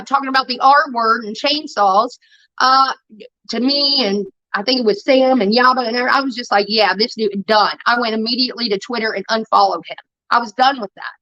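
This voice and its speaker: Woman livestreamer, high-pitched, sharp bright tone, confrontational profane rant, dry close mic. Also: no echo, highs cut off. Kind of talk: ranting livestream monologue.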